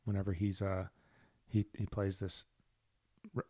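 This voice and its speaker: A man's voice: low voice, completely flat delivery, a little slow, mellow, no room sound. A man co-hosting a podcast, thinking aloud in casual conversation about a comic. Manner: musing, thinking aloud with restarts. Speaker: podcast co-host.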